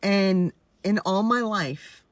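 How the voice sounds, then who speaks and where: A woman's voice: mid-range voice, slow, no echo. A woman in her forties speaking candidly and emphatically about her own experience, often repeating herself for stress. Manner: earnest, repetitive, emphatic. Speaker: content creator stitching a video. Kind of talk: candid personal commentary.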